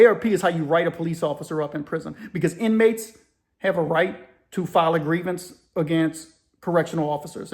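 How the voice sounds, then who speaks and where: A man telling a prison story in a casual, animated way, acting out voices and often restarting his sentences. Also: sits high. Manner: animated, acts out voices with gibberish sounds, many restarts. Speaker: storyteller recounting prison life.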